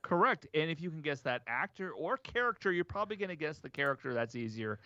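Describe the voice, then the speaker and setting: Lively, bright-voiced male podcast host. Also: on the high side, fast talker, lo-fi sound. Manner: playful, animated, joking. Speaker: podcast co-host running a quiz. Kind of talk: casual live-stream banter.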